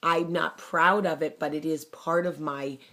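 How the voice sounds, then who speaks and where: A woman, telling a personal story to camera in a blunt, fiery, animated way. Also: deep voice, a little slow, noisy background. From New Jersey. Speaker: vlogger. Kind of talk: casual talk to camera.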